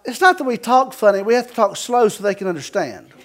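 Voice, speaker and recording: A man's voice: high-pitched, expressive, fast, a bit bright. A man from the Carolinas with a Southern accent, preaching a sermon as pastor in a folksy, joking storytelling way.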